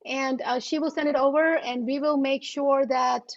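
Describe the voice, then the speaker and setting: A high-voiced woman in her thirties tells a self-deprecating story with lively energy. She speaks over a video call, and the audio comes through muffled and lo-fi. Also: moderate pace, vocal fry. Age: 30s. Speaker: guest author. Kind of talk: anecdotal storytelling.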